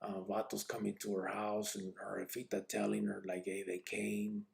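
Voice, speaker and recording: Gravelly low-voiced man telling stories. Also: completely flat delivery, brisk. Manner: rambling, laid-back, street slang and profanity; constant fillers like "you know what I mean". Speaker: podcast host. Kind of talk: casual personal storytelling.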